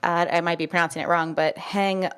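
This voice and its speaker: A woman hosting a podcast, speaking earnestly and warmly affirming, with many "you know" fillers. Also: lowish voice, monotone, fast talker, clear, resonant tone. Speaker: podcast host. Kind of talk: casual conversation.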